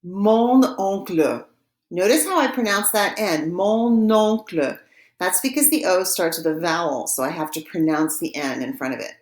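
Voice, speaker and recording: A woman teaching a recorded vocabulary lesson, patiently giving each word and repeating it slowly for practice. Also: on the low side, roomy sound. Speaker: French teacher.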